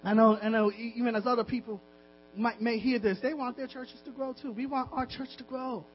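A man's voice: very high-pitched, fairly even intonation, fairly quick. A man preaching a sermon as a pastor, exhorting his listeners with insistent repetition. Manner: impassioned, repetitive exhortation with laughs. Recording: dull lo-fi recording with mains hum.

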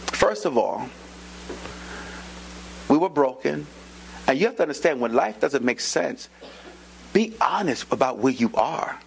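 A man preaches with a gravelly edge and a widely swinging pitch. He acts out other voices in sudden high leaps and drops into hushed whispers. A faint hum runs underneath the recording. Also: low-quality recording. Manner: animated storytelling, acting out quoted voices with sudden high pitch jumps and whispers. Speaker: pastor. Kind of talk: sermon with personal story. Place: church.

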